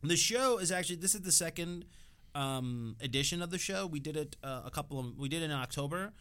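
A man guesting on a radio show to promote his comedy night, chatting casually with halting restarts. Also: on the high side, expressive, a bit bright, smooth. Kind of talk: casual radio interview banter.

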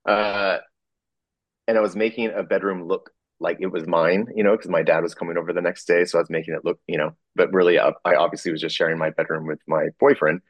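Very deep-voiced man, halting storytelling. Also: steady tone, no room sound, lo-fi sound. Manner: halting, full of fillers and restarts; chuckles through the telling. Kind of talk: personal storytelling.

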